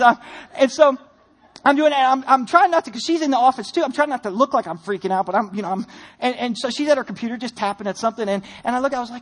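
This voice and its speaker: A young man preaching a sermon, telling a personal story in an animated, self-deprecating way. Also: extremely high pitch, fast. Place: church sanctuary.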